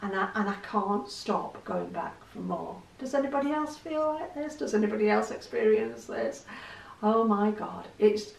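A middle-aged woman talks candidly to the camera and pokes fun at herself. Her voice has a gravelly rasp, and she sounds a little distant in an echoey room. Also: mid-range voice, a little hiss or hum. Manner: chatty, candid, self-deprecating. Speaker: vlogger. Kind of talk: casual chat to camera.

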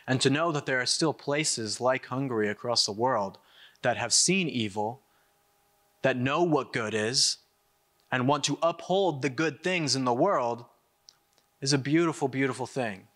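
Bright-voiced young man giving a political speech. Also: mid-range voice. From United States. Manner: emphatic, repeats himself, quick asides. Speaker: conference speaker. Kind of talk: political speech to a live audience.

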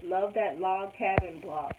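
A woman's voice: medium pitch, unhurried. A woman hosting a casual live stream, reading viewers' comments aloud and laughing often. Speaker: quilting channel host. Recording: tinny phone-like sound with loud background noise.

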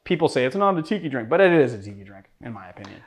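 A man's voice: mid-range voice, big pitch swings, rapid-fire. A young man from Boston hosting a casual cocktail tutorial, chatty and joking about himself as he works. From Boston, USA. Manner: chatty, joking, self-deprecating. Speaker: cocktail show host.

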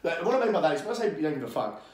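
A man's voice: on the high side, sing-song, very fast, echoey room. An Australian man speaking as a guest coach in a casual podcast interview, talking bluntly with lots of swearing, ranting and getting fired up.

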